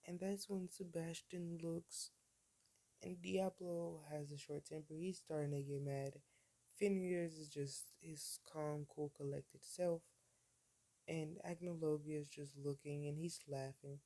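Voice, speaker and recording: A man telling a story off the cuff, with a mellow, dark tone. He wanders, says "like" a lot and corrects himself as he goes. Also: fairly high pitch, steady tone, unhurried. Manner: rambling, full of "like" and self-corrections. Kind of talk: casual fan-fiction retelling.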